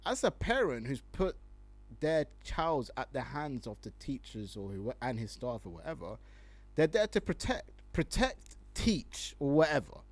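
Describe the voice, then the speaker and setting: A young man, hosting casual online commentary, slangy and animated, laughing often as he reads tweets. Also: mid-range voice, a little slow, dry recording.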